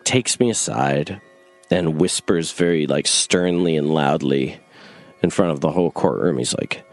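A young man from North Carolina tells a long personal story in a loose, rambling way. His voice sits very low and relaxed, and he keeps slipping in "like" while acting out the lines of the people in the tale. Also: a little slow, faint music behind. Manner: rambling, frequent "like", acts out quoted voices. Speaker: guest storyteller. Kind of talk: casual storytelling.

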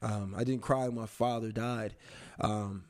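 A young adult man in an interview, telling a personal story in a reflective, halting way with many pauses and restarts. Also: on the low side, steady tone, a little mellow.

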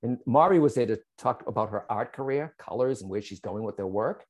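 Speaking a little quickly in a mid-range voice, a psychic medium tells an interviewer his story. He stays animated, talks straight to the host, and keeps punctuating with "right?" and "okay?"

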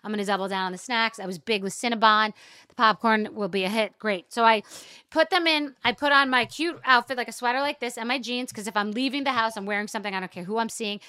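A woman's voice: fairly high pitch, steady tone, fast talker, sharp tone, no echo, studio quality. A middle-aged woman host telling a rambling, self-deprecating story with swearing, in casual rant style. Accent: New York. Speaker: podcast host.

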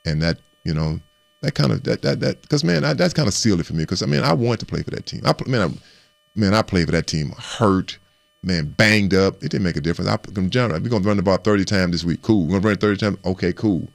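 Male guest, very low and rough-edged voice, chatty storyteller with lots of restarts, dry close sound. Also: fast, no room sound. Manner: animated storyteller who repeats and restarts words and acts out quotes. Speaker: guest recounting his playing career. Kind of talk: casual storytelling interview.

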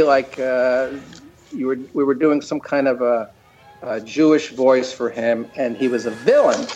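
A man's voice: medium pitch, darkish tone. A man talking casually as an interview guest, often restarting his sentences. The audio is a bit dull, with faint music behind. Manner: rambling, many restarts. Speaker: guest, cartoon creator.

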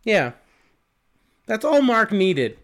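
A young man co-hosting a casual movie podcast. He talks excitedly, swears often and fills his talk with "like". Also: high-pitched, slow pace. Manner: excitable, swears a lot, lots of "like". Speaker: podcast co-host. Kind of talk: casual movie review chat.

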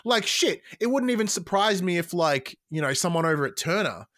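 Excitable man, higher voice. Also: brisk. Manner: animated, excitable, swears freely, many restarts. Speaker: podcast host. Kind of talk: casual podcast chat.

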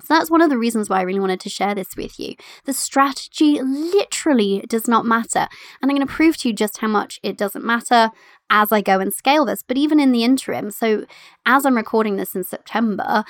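Chatty, animated woman podcast host. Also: fairly high pitch, fairly quick, dry recording, clean studio sound. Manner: animated, chatty, laughs often. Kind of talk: solo podcast talk.

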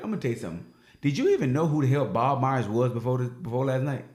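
A man talks sports with animated, emphatic energy and plenty of slang. His voice sits in a mid range. The room around him rings with noticeable echo. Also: mid-range voice, fast talker. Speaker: sports talk co-host. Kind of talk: casual opinionated sports talk. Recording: roomy echo.

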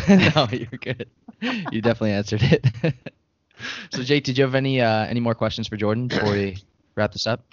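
A man hosting a podcast, asking questions in a relaxed way and laughing easily. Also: medium pitch, a little fast, pauses often, no room sound. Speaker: podcast host. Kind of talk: casual interview. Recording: dull lo-fi podcast audio.

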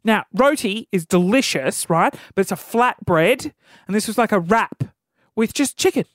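Man, thirties, comedic rant, exasperated storyteller, very animated pitch, dry sound. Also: moderate pace, no room sound. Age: 30s. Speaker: podcast host.

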